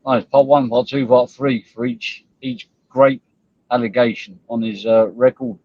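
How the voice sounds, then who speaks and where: A man's voice: mid-range voice, steady tone, normal speed, no room sound. A man hosting a live stream, ranting bluntly and scornfully at viewers and rivals, with frequent swearing. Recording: dull lo-fi stream audio.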